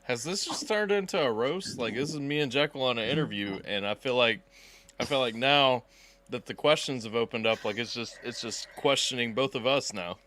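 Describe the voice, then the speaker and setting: A man's voice: mid-range voice, normal speed, sharp tone. A man hosting a music interview podcast, talking in a laid-back, laughing way with casual swearing. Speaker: podcast host.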